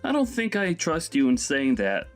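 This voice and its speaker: A man's voice: fairly high pitch, huge pitch swings, moderate pace, soft background music. A man voicing a young husband who angrily scolds his own mother in a dramatized text-message story. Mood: exasperated. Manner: scolding, exasperated.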